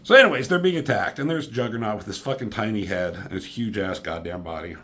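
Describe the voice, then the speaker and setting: A man casually reviewing a comic book, sarcastic and profane, mocking the characters with quick impressions. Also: fairly low pitch, sharp tone, a little hiss or hum.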